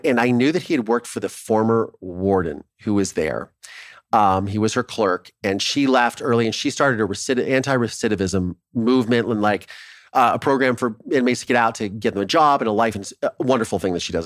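A man from Ohio, a documentary filmmaker, telling his story in a casual interview in an animated way, swearing freely and acting out what others said. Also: on the low side, fairly quick, no echo, clean studio sound.

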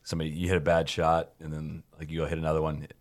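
A man's voice: rumbling low, monotone, racing. A man co-hosting a casual podcast, chiming in with facts and correcting himself plainly. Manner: corrects facts, matter-of-fact. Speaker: podcast co-host.

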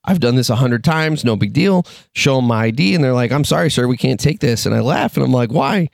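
A man from Michigan co-hosting a podcast, telling stories in casual chat, animated and swearing as he acts out quotes. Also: mid-range voice, a little fast, gravelly, dry recording, clean studio sound. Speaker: podcast co-host.

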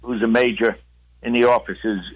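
A man's voice: medium pitch, level tone, moderate pace, rough recording. A man in his seventies or older, a veteran guest recounting a story in a rambling way and acting out quotes. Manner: rambling, with frequent "uh" and acted-out quotes. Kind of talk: storytelling interview.

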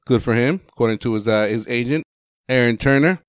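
Fast-talking man in casual sports banter. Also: mid-range voice, dry recording, clean studio sound. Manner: crude, laughing, does mock voices. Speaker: podcast co-host.

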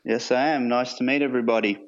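A man's voice: medium pitch, steady tone, quick pace. An Australian man from Sydney, a guest from a project team, explaining loosely with lots of fillers over a remote call. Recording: muffled remote call line.

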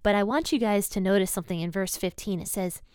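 A woman's voice: medium pitch, fast talker, a little mellow, clear, resonant tone, no echo, studio quality. A woman giving a casual devotional Bible talk, retelling scripture in her own conversational words and speaking candidly about herself. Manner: candid and personal. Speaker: Bible teacher.

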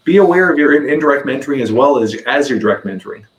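Fast rambly guy in his 40s, lots of repeated words, echoey room. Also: medium pitch, expressive. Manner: rambling, repeats words while building a story. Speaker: podcast guest. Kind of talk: casual storytelling in conversation.

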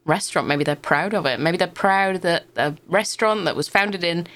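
A woman's voice: fairly low pitch, normal speed, fairly bright tone. A woman co-hosting a podcast who chats casually, hesitating often and giggling. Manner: hesitant, giggly, lots of fillers. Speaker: podcast co-host. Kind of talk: casual chat.

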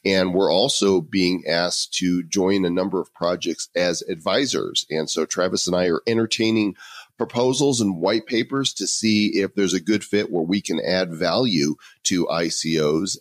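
A man's voice: low voice, dry recording. A male podcast co-host in casual chat, upbeat and explaining things.

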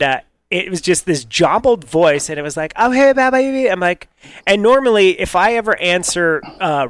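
A man with a fairly high voice tells a dating story on a radio show, laughing as he goes and jumping into silly voices. The recording is dry and close to the mic. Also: a bit bright, dry recording.

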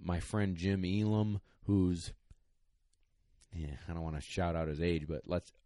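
Deep-voiced man telling an emotional story. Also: a little slow, no echo. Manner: rambling, excited, many fillers. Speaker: dog trainer telling a story. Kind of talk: casual podcast storytelling.

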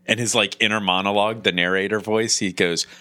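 A man co-hosting a casual podcast chat, animated and wry, musing aloud. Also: on the low side, fast talker, no echo. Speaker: podcast co-host.

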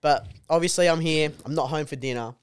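A man's voice: on the high side, a little fast, clean tone, dry recording, studio quality. A young man co-hosting a podcast, chatting casually and swearing freely. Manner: swears a lot, calls his co-host dude, jokey. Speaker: podcast co-host. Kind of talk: casual chat.

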